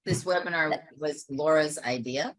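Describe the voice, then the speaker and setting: A woman hosting an online discussion webinar, telling stories in a lively, laughing way over a video call. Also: deep voice, normal speed, no room sound, rough recording. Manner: animated, laughing storyteller. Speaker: webinar host. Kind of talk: casual group discussion.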